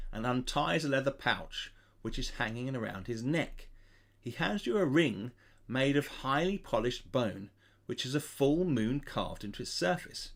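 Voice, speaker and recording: A man reads a gamebook out loud with lively, expressive rises and falls in pitch. He's a gamebook player who hosts a channel, and every so often he stops to chat casually with his viewers in a relaxed, easygoing way.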